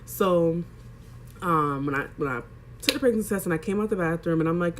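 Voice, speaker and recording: A woman's voice: on the low side, a little fast, a little hiss or hum. A young woman vlogger telling a personal story in a candid, chatty way, addressing her viewers directly. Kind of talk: casual storytelling vlog.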